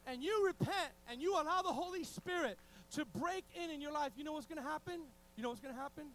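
A male preacher delivering a passionate sermon, often restarting phrases and swinging from loud bursts to hushed tones. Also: very high-pitched, fast, slight background noise, low-quality recording.

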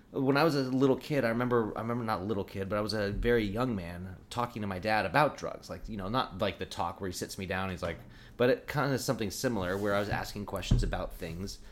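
A man's voice: on the low side, fast talker. A middle-aged man telling a long personal story in casual talk, full of "like" and restarts. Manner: rambling, lots of "like". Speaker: guest. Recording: faint background noise.

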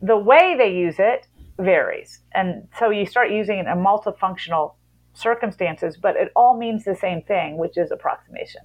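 A woman professor of linguistics, a podcast guest, explaining language in a relaxed conversation and laughing easily. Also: mid-range voice, normal speed, poor audio.

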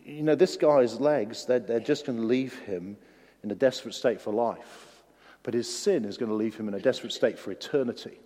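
A man's voice: mid-range voice, mellow. A man preaching a sermon in a church. He talks animatedly, acts out the voices he quotes and often restarts his words. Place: church hall. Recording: long hall reverb.

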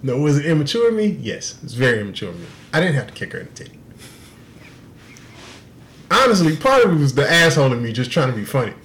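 A young man on a podcast, telling a story in an animated, profane way and laughing through the punchlines. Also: medium pitch, fast talker, pauses often, background noise. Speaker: podcast co-host. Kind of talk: casual storytelling.

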